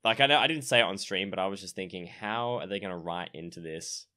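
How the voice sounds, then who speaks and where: Bright-voiced man, low pitch. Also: quick pace. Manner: laid-back, swears casually. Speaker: podcast co-host. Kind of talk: casual gaming podcast chat.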